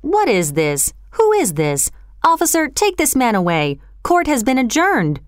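A woman's voice: a little high, big pitch swings, normal speed, smooth, no echo, clean studio sound. A woman voicing a stern, scornful older male magistrate who talks in a curt, dismissive way in a storybook reading.

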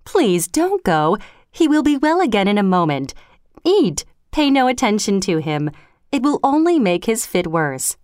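A woman's voice: medium pitch, sing-song, unhurried, darkish tone, clean tone, no room sound, clean studio sound. A woman voicing a scornful queen. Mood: urgent. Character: sharp, scornful queen and wife.

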